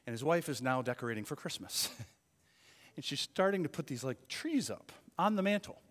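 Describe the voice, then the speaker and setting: Animated, bright-voiced preaching pastor. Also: male voice, fairly high pitch, moderate pace, big-room sound. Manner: conversational, earnest, animated. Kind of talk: sermon.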